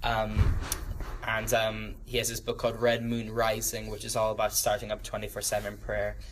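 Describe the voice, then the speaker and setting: A man's voice: on the low side, monotone, normal speed, slight background noise. A young man in his twenties giving a casual, rambling talk to a church youth group, with lots of ums and self-deprecating laughs. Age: 20s. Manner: rambling, many ums and restarts, laughs at his own stories. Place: church room with a small group.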